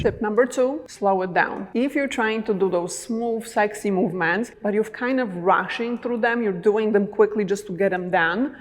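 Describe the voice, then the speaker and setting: A woman's voice: mid-range voice, in a large hall. A woman teaching dance moves, talking casually and encouragingly, often checking in with "right?" as she demonstrates. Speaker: dance instructor. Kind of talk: instructional talk with demonstrations.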